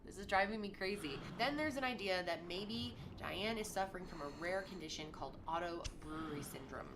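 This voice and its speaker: A woman narrating a true-crime story to her viewers, thinking aloud and asking puzzled questions. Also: medium pitch. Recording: steady background noise.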